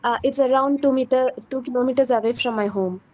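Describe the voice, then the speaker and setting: A woman's voice: high voice, fast talker, a little mellow. A woman teacher with an Indian English accent, answering politely and hesitantly, with many fillers, in an online speaking class. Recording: dull online call audio.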